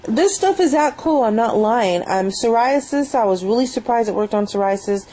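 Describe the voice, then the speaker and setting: A woman's voice: a little high, lively intonation, moderate pace, dark tone, poor audio. A young woman chatting enthusiastically at home in a rambling product review, recorded on a built-in webcam mic. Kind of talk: casual spoken product review.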